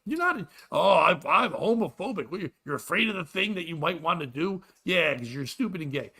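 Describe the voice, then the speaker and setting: High-pitched, animated ranting comedian. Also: male voice, quick pace. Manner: loud, exasperated, profane ranting. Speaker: comedian podcast host. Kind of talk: crude comedic rant.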